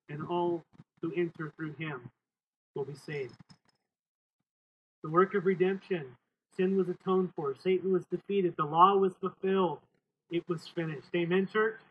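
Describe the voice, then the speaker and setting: Man preaching outdoors, emphatic, repeats himself, loud wind noise behind. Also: on the high side. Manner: emphatic preaching with repeated phrases and call-and-response. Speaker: pastor. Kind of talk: outdoor sermon. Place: outdoors, windy. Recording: tinny phone-like sound with wind noise.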